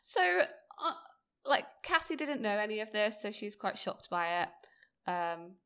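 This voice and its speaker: A woman's voice: medium pitch, sing-song, unhurried, a bit bright, clean tone. A woman co-hosting a podcast, chatting casually about a TV episode, laughing often. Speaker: podcast co-host. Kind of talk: casual chat recapping a TV episode.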